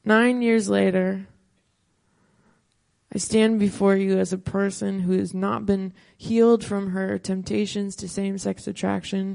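A woman's voice: medium pitch, creaky, dark tone. A woman pastor in her thirties telling a personal testimony, earnest and storytelling, quoting her own prayers.

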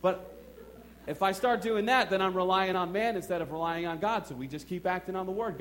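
A man's voice: sits high, brisk, a little hiss or hum. Emphatic storytelling preacher man. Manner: storytelling, emphatic, swings from quiet asides to excited outbursts. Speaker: pastor. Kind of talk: sermon.

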